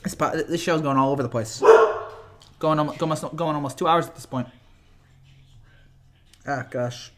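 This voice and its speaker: Excitable young man with cracking voice. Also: on the high side, moderate pace, long pauses. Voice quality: voice cracks often. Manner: rambling, excitable, repeats himself. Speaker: live stream host. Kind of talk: casual live reaction stream.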